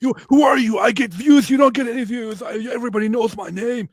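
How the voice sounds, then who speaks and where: A man mimicking an angry, boastful man who shouts and repeats insults. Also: extremely high pitch, quick pace, husky, no echo, pitched above the performer's own voice, heavily acted. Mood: ranting.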